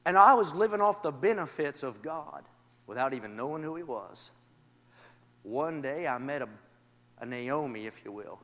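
A man delivering a sermon in a high, ringing voice. He swings between soft, personal testimony and loud, cadenced exclamations. The sound carries the long reverb of a big church hall. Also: lively intonation, normal speed. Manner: builds from quiet testimony to shouted, rhythmic praise. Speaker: preacher. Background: congregation responding.

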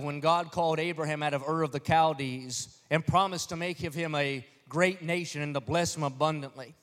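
A man's voice: high voice, fairly bright tone. A man preaching a sermon as pastor, telling stories with dramatic flair and acting out the crowds. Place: church sanctuary. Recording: long hall reverb.

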